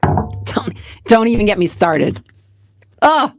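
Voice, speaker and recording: A woman's voice: medium pitch, big pitch swings, slow, creaky, over music. A woman in her forties hosting a podcast, chatting casually and emotionally as she answers question cards, rambling with restarts. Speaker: podcast host.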